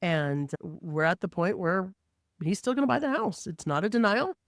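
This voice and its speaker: A woman who works as a mortgage lender, telling a work story in an animated, conversational way and acting out the quotes. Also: fairly low pitch, normal speed, no room sound, studio quality.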